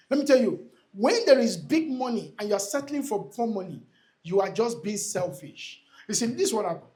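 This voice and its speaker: A man's voice: very high-pitched, darkish tone. A man giving a motivational talk to a live audience at a real estate event. He is emphatic and repetitive and often calls out to the crowd. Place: event hall before an audience.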